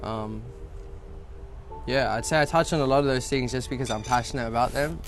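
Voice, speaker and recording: A man's voice: medium pitch, fairly quick, over music. A young man with a Western Sydney Australian accent, talking casually in an interview, laid-back and sweary, with lots of fillers. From South-West Sydney, Australia. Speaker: rapper interviewee.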